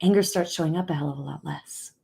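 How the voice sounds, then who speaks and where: Here a middle-aged woman coaches on relationships in a motivational speech, her voice deep and creaky, her pace quick. Soft-spoken and sincere, she alternates between whispering and forceful, emphatic outbursts.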